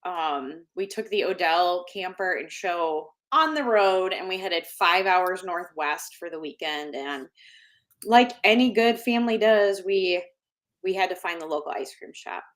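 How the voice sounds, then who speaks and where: A woman co-hosting a casual live-stream chat, chatty and thinking out loud. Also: fairly low pitch, a little slow. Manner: chatty, searches for words aloud, uses fillers. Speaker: co-host.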